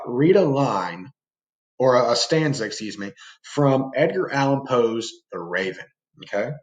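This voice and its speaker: A man's voice: mid-range voice, reverberant. A man teaching a pre-recorded classroom lesson in a casual way, often calling the students "guys" and checking in with "right?". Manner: casual, talks to students as guys, frequent fillers and rhetorical "right?".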